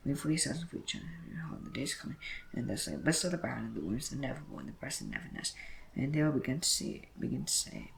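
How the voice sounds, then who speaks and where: Man reading scripture aloud, quick, lively pitch, gravelly tone, self-corrects often. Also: slight background noise, poor audio. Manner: brisk reading with frequent slips and self-corrections. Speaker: Bible reader.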